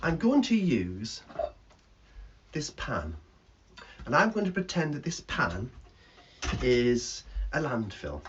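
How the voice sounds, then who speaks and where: A man's voice: mid-range voice, very animated, slow pace, long pauses, slight background noise. A man presenting a recycling show to schoolchildren, playful and teacherly, talking straight to the kids. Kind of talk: children's stage show patter. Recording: dull lo-fi recording.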